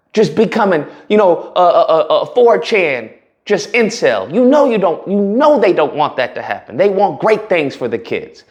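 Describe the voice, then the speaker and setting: Guy with a kinda high voice ranting on his vlog, sarcastic and emphatic, says stuff twice. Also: darkish tone, dull audio. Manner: emphatic, sarcastic, repeats himself. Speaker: channel host. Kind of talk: commentary vlog.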